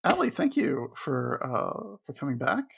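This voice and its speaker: A man co-hosting a podcast, chatting casually, making wry deadpan jokes and steering the show's segments. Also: medium pitch, unhurried, vocal fry, husky. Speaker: podcast co-host.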